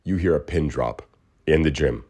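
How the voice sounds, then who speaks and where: A man's voice: extremely low pitch, moderate pace, a little mellow, slightly rough. A man hosting his own podcast, talking alone in a casual, rambling way and acting out quoted voices. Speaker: podcast host. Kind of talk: casual solo monologue.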